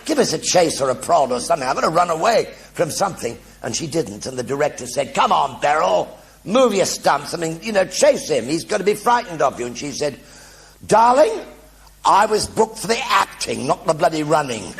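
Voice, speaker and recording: An older man telling anecdotes in a one-man stage show before an audience, animated and acting out the voices of everyone in his stories. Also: on the high side, brisk, creaky, breathy edge. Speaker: stage performer.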